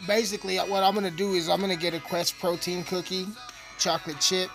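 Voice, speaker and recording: Dude rambling n cursing, kinda higher voice, music going loud behind him. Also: male voice, little pitch movement, brisk, gravelly. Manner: profane, rambling, joking. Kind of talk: rambling casual monologue.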